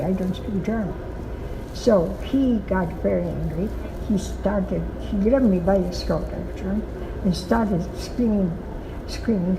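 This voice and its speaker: Older woman with a gravelly voice. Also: medium pitch. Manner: slow, halting, emphatic storytelling. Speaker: Holocaust survivor giving testimony. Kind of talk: recorded testimony. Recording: echoey, muffled recording with noise.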